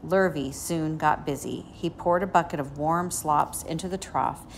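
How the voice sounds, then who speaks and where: A woman teacher reading a children's chapter book aloud in a gentle, measured way. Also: sits low, a little hiss or hum. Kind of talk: storybook read-aloud.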